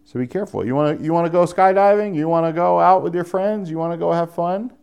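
In this sermon, a young adult pastor talks quickly and a little mellowly, his gravelly, fry-laden voice keeping things conversational. He regularly surges into higher, emphatic appeals and then settles, and the recording's highs are cut off.

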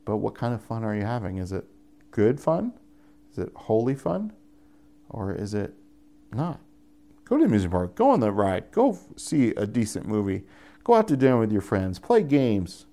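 A young adult male pastor delivers a sermon in a relaxed, conversational style, his voice gravelly with vocal fry. He's very animated and warm, speaking at a normal speed, often rising into higher, emphatic appeals before settling back down.

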